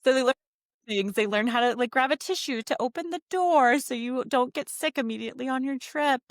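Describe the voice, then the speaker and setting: A woman, a company founder chatting as a guest and telling lively travel anecdotes with frequent laughs. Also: high voice, a little fast, dry recording, studio quality. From United States. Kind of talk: casual interview chat.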